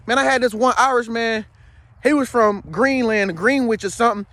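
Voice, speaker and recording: A man's voice: very high-pitched, normal speed, a bit bright, no echo. A man speaking to viewers in a casual, rambling monologue. He is emphatic and slangy, and keeps checking in with his listener. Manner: slangy, streetwise. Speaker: spiritual vlogger.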